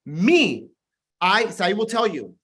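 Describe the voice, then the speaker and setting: A man with a high voice gives an intense, preachy motivational talk to his team over a video call. He hammers on the same points again and again and keeps pressing his listeners. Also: big pitch swings, unhurried, a bit bright, slightly rough. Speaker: network marketing team leader.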